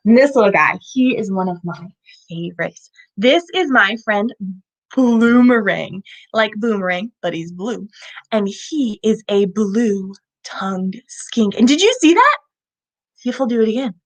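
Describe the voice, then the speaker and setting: A woman hosting a live children's animal show, animated and asking young viewers questions as she presents a lizard. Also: medium pitch, unhurried.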